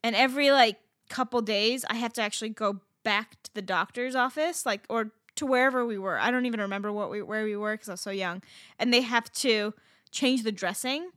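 A woman with a fairly high, bright voice tells a story in casual podcast chat. She is animated, swears freely and scatters fillers through her talk. The sound is dry and close. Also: a little fast, no echo. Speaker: podcast co-host.

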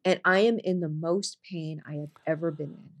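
A woman telling a personal story in conversation, earnest, going soft and low on serious moments and jumping high when she quotes people. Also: normal speed. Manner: animated, jumps high when quoting people.

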